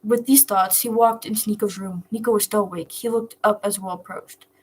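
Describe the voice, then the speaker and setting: A woman reading a fan fiction story aloud in a soft, steady narrating voice. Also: mid-range voice, a little fast, husky, poor audio.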